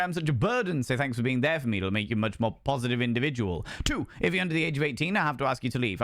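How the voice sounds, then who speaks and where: A man's voice: mid-range voice, expressive, rapid-fire, hardly any pauses, a bit bright, no room sound. A young man chatting live with his stream viewers in a playful, theatrical way, swinging between musing and flamboyant greetings. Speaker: streamer host. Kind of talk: casual live-stream chat.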